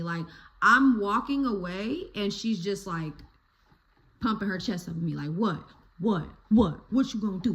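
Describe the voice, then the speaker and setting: Young woman vlogger telling a storytime, bright voice, slow and chatty, laughs a lot. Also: medium pitch. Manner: animated, laughing, cursing freely. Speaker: YouTuber. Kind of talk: casual storytime.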